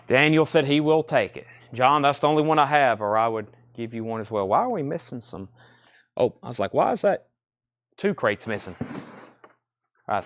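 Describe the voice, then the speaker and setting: Man, live record seller, smooth clear voice, dry close sound, reels off prices and titles. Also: mid-range voice, no echo. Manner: rattles off titles and prices, chatty asides. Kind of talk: live sale stream, casual selling.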